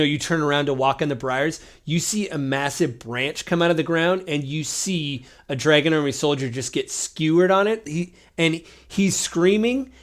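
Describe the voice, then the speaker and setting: A man running a tabletop game, describing scenes in a loose, rambling way with lots of fillers. His voice sits a little higher than most men's. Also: a bit bright. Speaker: game master.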